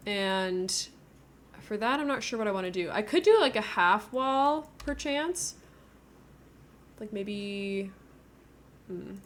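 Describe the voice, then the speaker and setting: A woman's voice: mid-range voice, slight background noise. Woman musing aloud while streaming. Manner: musing aloud while building, playfully says "perchance". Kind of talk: casual gameplay commentary.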